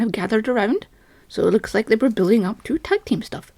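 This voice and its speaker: A woman's voice: fairly high pitch, expressive, fairly quick, darkish tone, no echo. A woman ranting in an agitated, rambling, self-mocking monologue, a little out of breath. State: slightly out of breath. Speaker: vlogger.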